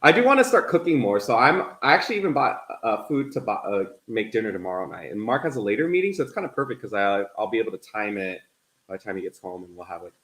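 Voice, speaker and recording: A man's voice: lowish voice, big pitch swings, fast, a bit bright, reverberant. A man co-hosting a live cooking stream, chatting casually and walking through each step as he cooks in a home kitchen. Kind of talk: casual chat while cooking.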